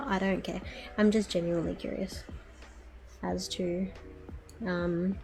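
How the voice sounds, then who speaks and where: A woman's voice: lowish voice, flat delivery, a little slow, vocal fry, mellow, a little hiss or hum. A woman streamer chatting casually to her viewers while she crafts, muttering to herself with playful baby-talk words.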